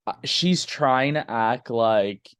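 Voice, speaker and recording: A man's voice: mid-range voice, takes it slowly, fairly bright tone, clean tone, dry recording. A man co-hosting a casual TV review chat, hesitant and searching for words. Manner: hesitant, many fillers and restarts. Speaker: co-host of a TV review show.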